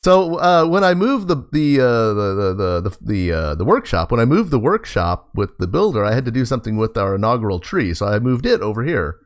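A man's voice: mid-range voice, big pitch swings, fairly quick, few pauses. A man casually commenting on his game as he plays, chatting to in-game animals and laughing often. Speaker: gaming host. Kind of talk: casual let's play commentary.

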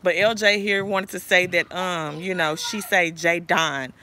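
A woman's voice: fairly low pitch, steady tone, moderate pace, pushed and bright, a little hiss or hum. A woman hosting a phone livestream, delivering a profane, confrontational rant at viewers she calls out by name. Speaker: livestream host.

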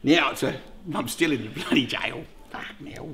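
A middle-aged Australian man hosting a beekeeping vlog, chatting casually in a jokey, excitable way and swearing freely. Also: medium pitch, moderate pace, slight background noise. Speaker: beekeeper host.

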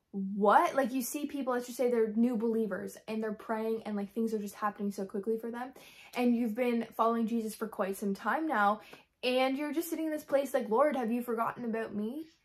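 A young woman with a fairly high voice speaks in an earnest, rambling way for a faith vlog. She keeps breaking into quoted prayers and uses plenty of casual fillers. She sounds frustrated but still hopeful. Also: a little fast, darkish tone. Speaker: Christian vlogger. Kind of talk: candid devotional vlog talk.

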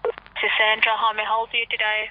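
A woman's voice: fairly high pitch, completely flat delivery, quick pace. Woman, call center agent, scripted greetings, tinny phone sound, faint hiss.

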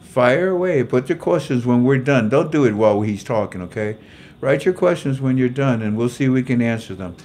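A man's voice: medium pitch, fairly quick, darkish tone. An older man hosting a faith-based livestream. He greets viewers by name in a jovial, chatty way, laughs at his own jokes and leads a prayer. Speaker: livestream host. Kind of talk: casual livestream chat and prayer.

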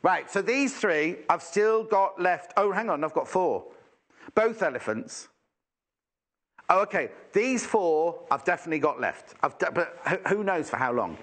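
A man's voice: sits high, expressive, a little slow, fairly bright tone. A man presenting a live shopping channel in a chatty, teasing way, full of exclamations.

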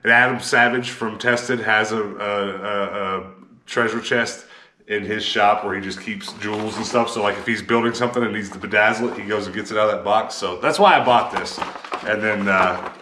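A man's voice: on the low side, steady tone, moderate pace, bright, forceful tone. A man chatting casually as a vlogger, showing off his thrift store finds with enthusiasm. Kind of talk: casual chat. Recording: echoey room with clear background noise.

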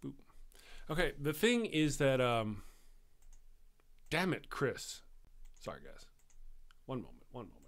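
A man's voice: medium pitch, huge pitch swings, measured pace, pauses often, fairly bright tone. A man hosting a live stream show, talking in a chatty, rambling way and often correcting himself.

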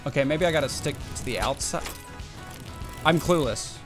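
A man giving casual, excitable running commentary while playing a game, often yelping and exclaiming. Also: on the high side, normal speed, faint music behind. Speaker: gaming YouTuber.

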